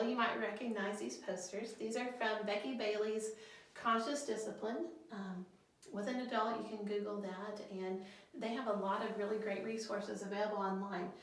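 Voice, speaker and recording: Woman, school counselor, guidance lesson for kids, gentle step-by-step breathing coaching, very echoey room, a bit far from the mic. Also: mid-range voice.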